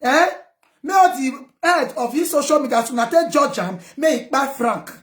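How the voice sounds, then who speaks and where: Speaking Pidgin English, a Nigerian woman vlogger defiantly rants at her viewers and tells off her critics. Her high voice is animated and moderately paced, and the recording is reverberant.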